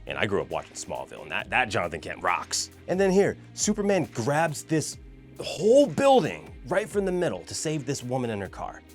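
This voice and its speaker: A man's voice: mid-range voice, wildly swooping pitch, fairly quick, faint music behind. A man giving a casual, exasperated film review rant, swearing and acting out scenes. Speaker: movie reviewer.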